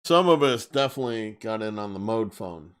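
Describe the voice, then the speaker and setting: A man's voice: fairly low pitch, expressive, brisk, clean tone. A man talking straight to his live-stream viewers in a loose, unscripted rant. He is blunt and emphatic and circles back to repeat his points. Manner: blunt, emphatic, repeats himself while ranting.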